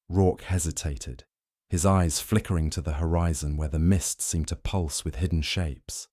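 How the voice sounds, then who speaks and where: Deep-voiced male audiobook narrator. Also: fairly even intonation, normal speed, warm tone, no room sound, clean studio sound.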